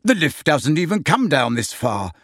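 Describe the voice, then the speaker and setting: A man voicing an anxious, hurried middle-aged male wizard official who talks with urgent breathlessness in an audiobook. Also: fairly high pitch, very animated, a bit bright, no echo, clean studio sound.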